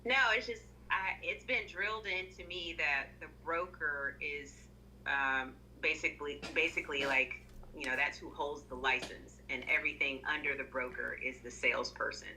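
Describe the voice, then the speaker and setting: A woman student speaks up in class, low-pitched but with a very bright, sharp tone. She talks hesitantly, with plenty of fillers as she works out her point. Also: fairly even intonation, moderate pace, slight background noise, rough recording. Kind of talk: asking questions in class.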